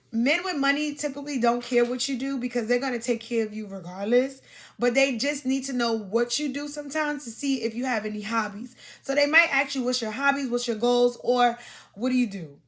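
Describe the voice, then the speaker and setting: A woman's voice: fairly high pitch, a bit bright. A woman from Brooklyn, hosting a podcast and giving chatty, emphatic dating advice with dramatic asides. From Brooklyn, New York. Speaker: podcast host. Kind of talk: casual advice monologue.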